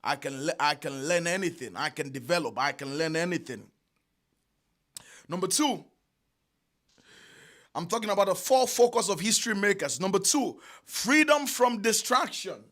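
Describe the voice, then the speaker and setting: High-pitched guy preaching, repeats himself a lot, slows right down to hammer points home. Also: animated, fairly bright tone. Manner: emphatic, repeats phrases, long pauses and drawn-out lines. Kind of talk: sermon.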